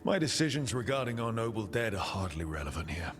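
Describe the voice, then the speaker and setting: A curt, defensive necromancer hero in a video game. His low voice swings widely in pitch. It trails off into long reverb, with faint music behind it. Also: sing-song, fast talker.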